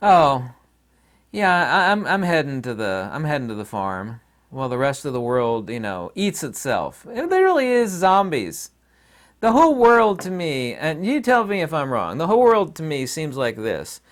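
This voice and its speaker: A man's voice: mid-range voice, sing-song, moderate pace. A man hosting his own channel, talking in a rambling, opinionated and folksy casual monologue. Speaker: channel host.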